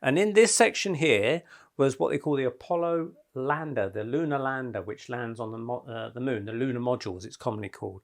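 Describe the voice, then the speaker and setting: A man's voice: medium pitch, a little fast. A middle-aged man presenting a rambling, chatty talk to a small group in a house. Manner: rambling, chatty, with many fillers.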